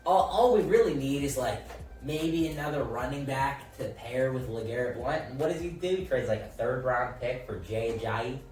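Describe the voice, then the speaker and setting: A man's voice: medium pitch, moderate pace, darkish tone, roomy sound, distant mic, soft background music, rough recording. A man co-hosting a casual sports chat, laid-back and dryly joking. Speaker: co-host.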